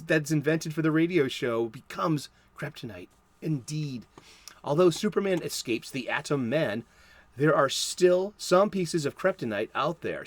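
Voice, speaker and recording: A man's voice: fairly high pitch, a bit bright, no echo. A man in his fifties with a Boston accent, hosting a casual solo talk about comics and rambling into joking asides. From South Boston, Massachusetts. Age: 50s. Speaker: comic book podcast host.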